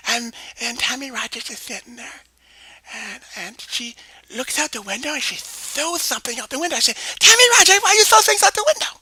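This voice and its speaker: Woman doing a little girl, eight years old, naive, rambling, stammering, breathy half-whisper, high voice. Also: moderate pace, pushed and bright, dry recording, exaggerated voice. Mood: childish chatter. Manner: rambling childlike storytelling with stammered restarts. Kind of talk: comedic one-woman voice sketch.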